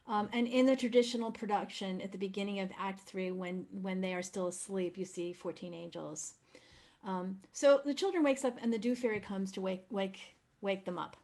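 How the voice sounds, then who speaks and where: A woman's voice: mid-range voice, fairly even intonation, normal speed, darkish tone. A woman presenting opera program notes in an effusive, enthusiastic manner.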